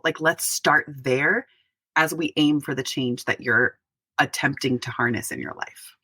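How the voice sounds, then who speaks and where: A middle-aged woman pastor, a podcast guest, speaking earnestly and reflectively, with pauses and restarts. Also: very deep voice, sharp tone, husky, no echo. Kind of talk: podcast interview.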